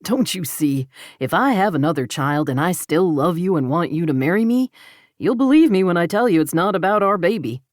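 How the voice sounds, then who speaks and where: A man's voice: high-pitched, animated, fairly quick, no echo, studio quality. A woman voicing a lovesick rancher man, earnest and pleading, in an audiobook romance. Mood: teasing.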